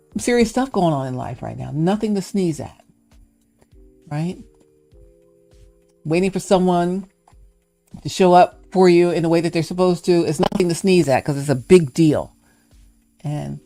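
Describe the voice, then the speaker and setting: Low, mellow, and touched with vocal fry, this woman's voice belongs to a casual livestream host. Her talk moves from playful musing to encouragement, with the occasional little character voice acted out.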